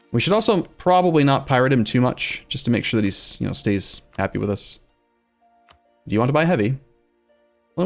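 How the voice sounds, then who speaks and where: A man with a mid-range voice and vocal fry streams a strategy game as casual let's-play commentary. He thinks aloud while playing and responds to his chat.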